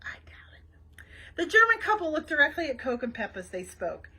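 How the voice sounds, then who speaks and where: A woman reading a children's novel aloud for a library program, expressive and chatty, with small asides to her listeners. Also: sits high, fast, poor audio. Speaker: library read-aloud host.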